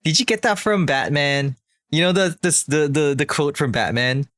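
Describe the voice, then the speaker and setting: A man's voice: fairly high pitch, normal speed, fairly bright tone, dry recording, clean studio sound. A man streaming a game, chatting casually in a rambling way with many restarts and frequent laughs. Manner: rambling, lots of fillers and restarts, laughs often. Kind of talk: casual gameplay commentary.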